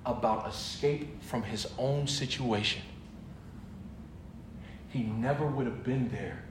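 A man preaching a sermon, emphatic, laughing between phrases and swinging from low murmurs to high shouted emphasis. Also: background noise.

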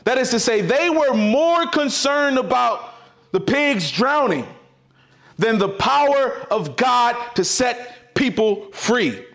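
A man's voice: very high voice, very animated, slow pace, creaky. A man preaching a sermon as pastor, emphatic and repetitive. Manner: emphatic, repetitive preaching with sudden swings in loudness.

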